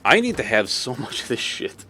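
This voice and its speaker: A man's voice: mid-range voice, huge pitch swings, moderate pace, bright, forceful tone, slight background noise. A man from Massachusetts chatting casually on a live stream while gaming, rambling, laughing and swearing freely.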